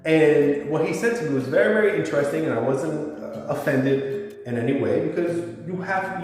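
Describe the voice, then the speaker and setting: A man's voice: a little high, darkish tone, heavy reverb, big-room sound, far from the mic. A man talking informally to his viewers as a YouTuber, explaining words and spelling them out. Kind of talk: casual monologue to camera.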